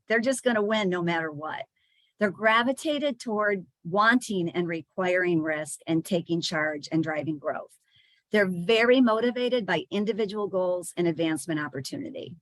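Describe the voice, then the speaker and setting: A woman's voice: medium pitch, no echo. A woman giving a chatty presentation to sales leaders, with frequent fillers and small restarts.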